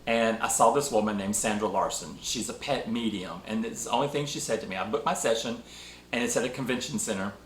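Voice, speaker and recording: A man hosting a spiritual talk show, telling a personal story with emotional, animated delivery. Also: on the low side, a little fast, slight background noise. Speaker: podcast host. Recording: echoey room.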